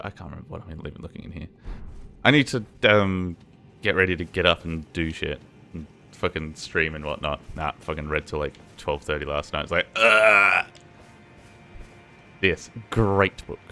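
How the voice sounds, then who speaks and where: A man's voice: low voice, moderate pace, pushed and bright, soft background music. A young man streaming a game, chatting and rambling to his viewers in a casual, swearing way, sounding tired. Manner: rambling, swears a lot, chatty asides to chat. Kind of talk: casual gaming stream chat.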